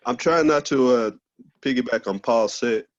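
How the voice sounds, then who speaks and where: A man's voice: medium pitch, normal speed, dry recording, dull audio. A man doing a loose, profane stand-up set over a video call, laughing at his own jokes. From Texas, USA. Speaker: stand-up comedian.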